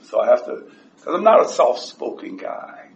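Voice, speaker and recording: A man giving a blunt, profane personal share at a support meeting, his voice rising whenever he gets excited. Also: mid-range voice, normal speed, creaky. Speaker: recovery group member sharing. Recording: echoey room, distant dull mic.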